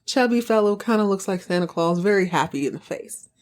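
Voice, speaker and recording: A woman casually recapping a TV drama as a podcast host, chatty and animated, with asides. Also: medium pitch, a little fast. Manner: chatty, animated retelling with acted quotes and asides.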